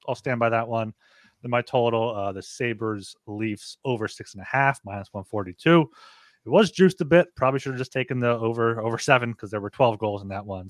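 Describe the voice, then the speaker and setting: A man co-hosting a sports-betting podcast, recapping picks in an easygoing, halting way. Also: mid-range voice, no room sound, clean studio sound. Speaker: podcast co-host. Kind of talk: casual sports-betting chat.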